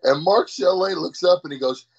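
Gravelly, profane man telling a story. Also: high-pitched, normal speed. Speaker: powerlifter guest. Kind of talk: casual storytelling interview. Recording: dull lo-fi sound.

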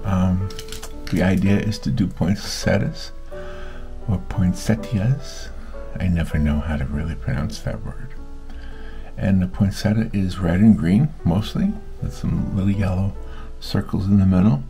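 A man's voice: low-pitched, normal speed, warm tone, faint music behind, rough recording. A retired man in his sixties chatting in a rambling, self-deprecating way while he paints, getting a little emotional. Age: 60s. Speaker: hobby watercolor painter. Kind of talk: casual rambling chat.

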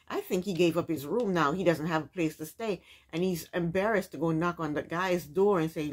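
A woman's voice: fairly low pitch, lively intonation, moderate pace. A woman casually recapping a reality TV episode, with incredulous, opinionated commentary and rhetorical questions.

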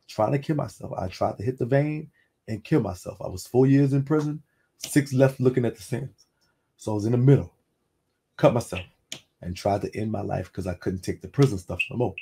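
A man's voice: medium pitch, a little fast, vocal fry, mellow, husky. A man with a Louisiana accent hosting a casual call-in talk, telling a personal story loosely, with many restarts and blunt cursing. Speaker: host.

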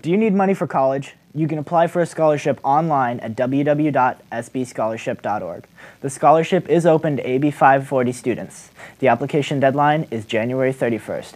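A man's voice: medium pitch, brisk, a little mellow. A male student anchoring a school news show, reading announcements in a plain, scripted way.

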